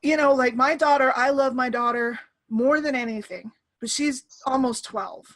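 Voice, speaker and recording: This podcast host is a woman in her thirties with a high-sitting voice at normal speed. She runs a casual chat over an online call, animated and laughing, and often acts out the voices she quotes.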